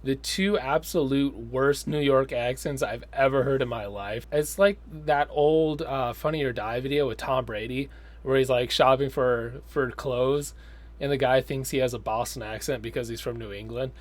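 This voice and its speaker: A man's voice: medium pitch, steady tone, moderate pace. A man giving a casual, sardonic film review, rambling with frequent fillers.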